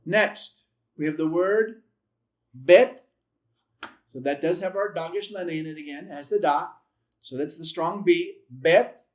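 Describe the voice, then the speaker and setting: Patient man sounding out letters. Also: a little high. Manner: patient, sounds out letters slowly and repeats them; self-correcting, lightly humorous asides. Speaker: Bible Hebrew teacher. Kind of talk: classroom-style language lesson.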